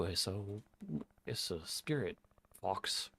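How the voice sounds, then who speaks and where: Low-voiced man chatting through a game. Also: a little slow, long pauses, no echo. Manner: chatty, talks to chat and reads game text. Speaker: streamer. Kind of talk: casual gameplay chat.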